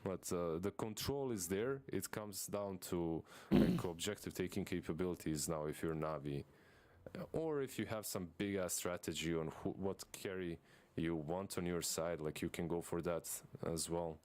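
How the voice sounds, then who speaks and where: A man co-streaming an esports match talks through the draft in a loose, rambling way, full of fillers. His voice is low and somewhat dark, at a moderate pace. It's casual draft analysis from a co-streamer caster.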